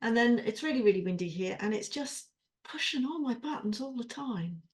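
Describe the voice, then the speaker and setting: A woman's voice: fairly high pitch, lively intonation, moderate pace. A woman co-host venting her frustrations in a coaching chat, rambling and exasperated, with swearing. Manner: rambling, with self-interruptions. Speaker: podcast co-host. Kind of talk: venting during a coaching session.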